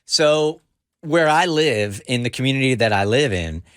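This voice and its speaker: A man's voice: mid-range voice, lively intonation, normal speed, clean tone, no echo, clean studio sound. A middle-aged man hosting a radio show, telling a story in a casual, playful way that builds suspense. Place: radio studio. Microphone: studio mic.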